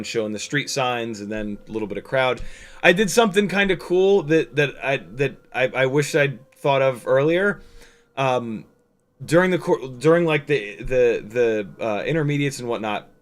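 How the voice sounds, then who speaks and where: A man talking casually on a livestream, rambling over his footage with lots of fillers, restarts and the odd swear. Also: mid-range voice. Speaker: drone pilot and streamer.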